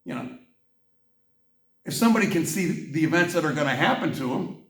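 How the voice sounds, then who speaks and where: A man hosting a heated monologue about religion, swinging from an impassioned rant to a quiet, apologetic tone. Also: on the high side, lively intonation, fairly quick, roomy sound, distant mic. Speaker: channel host.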